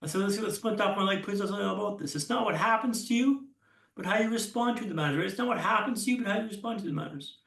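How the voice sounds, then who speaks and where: A man giving a keynote speech as a storyteller, with punchy lines, dramatic pauses and self-deprecating humor. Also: sits high, creaky, fairly bright tone, echoey room, far from the mic. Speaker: keynote speaker. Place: conference hall stage.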